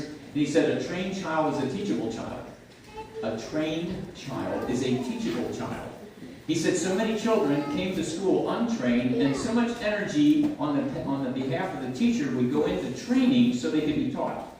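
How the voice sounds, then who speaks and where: An older man delivers a sermon to his church in a rambling, conversational way, stumbling and restarting his phrases. His voice lifts and falls a lot, and the livestream catches him from a distance in a very echoey sanctuary with steady room noise behind. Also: a little high. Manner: conversational, halting with many restarts. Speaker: pastor.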